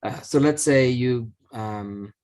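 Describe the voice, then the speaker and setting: A man's voice: medium pitch, slow, darkish tone. A middle-aged man hosting a casual chat, rambling with many restarts and fillers. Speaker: podcast host.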